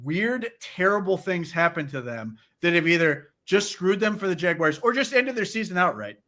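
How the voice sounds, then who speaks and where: Male podcast co-host, slightly high voice, excitable and stammering, casual sports banter. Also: moderate pace. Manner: animated, incredulous, stammering restarts.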